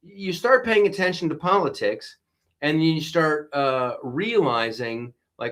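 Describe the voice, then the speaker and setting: A man's voice: a little high, animated, unhurried, a bit bright. A man hosting a live talk show, giving rambling, emphatic political commentary and reading viewer comments aloud. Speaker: livestream show host.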